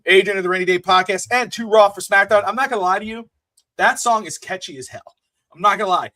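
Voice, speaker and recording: A man co-hosting a wrestling podcast, chatting casually in an excitable, animated way. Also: high-pitched, fast talker, no echo. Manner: excitable, animated, with playful bursts. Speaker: podcast co-host.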